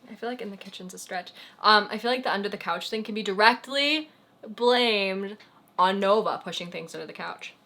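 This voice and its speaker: A woman's voice: mid-range voice, brisk, bright, forceful tone. A young woman hosting a casual chat with her boyfriend, asking him questions and teasing his answers. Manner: chatty, teasing, asks questions. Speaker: channel host.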